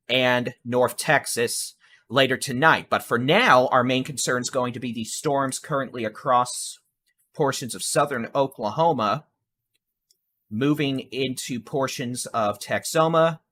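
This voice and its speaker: Bright-voiced man giving live weather updates. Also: mid-range voice. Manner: conversational, reassuring, emphatic; addresses viewers directly as folks. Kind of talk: live severe weather coverage. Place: home studio with air conditioner.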